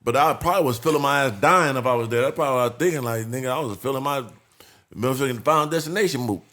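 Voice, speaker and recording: A man telling a long street story on a casual podcast, animated and profane. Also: medium pitch, rapid-fire. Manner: profane, animated, acts out voices in his stories. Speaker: podcast guest.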